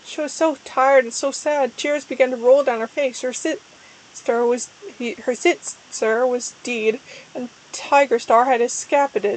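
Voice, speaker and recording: A young woman streamer doing a mock-dramatic reading of a fan story, reading deliberately and stumbling over misspelled words. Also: a little high, steady tone, poor audio.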